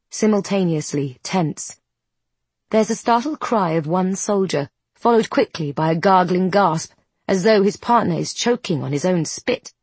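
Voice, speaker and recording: A woman narrating a storybook in a measured, descriptive way. Her voice is low and husky. The recording is dry and close. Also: darkish tone, no room sound. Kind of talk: scripted narration.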